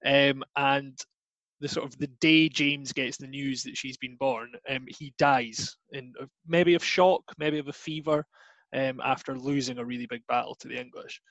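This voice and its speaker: A man's voice: medium pitch, fairly even intonation, moderate pace, a bit bright, no echo, dull audio. A Scottish man explaining history in a chatty way, with many fillers and hedges. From Scotland. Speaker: guest teacher.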